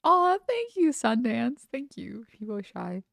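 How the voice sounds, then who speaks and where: A woman's voice: a little high, very animated, unhurried, vocal fry, a bit bright, no room sound, studio quality. A woman streamer chatting casually as she reacts to a video, rambling with many fillers and nervous laughs.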